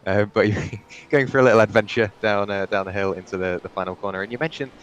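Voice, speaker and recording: A man's voice: lowish voice, quick pace, fairly bright tone, lo-fi sound. A young man doing live sim racing commentary, chatty and rambling, with frequent restarts and asides.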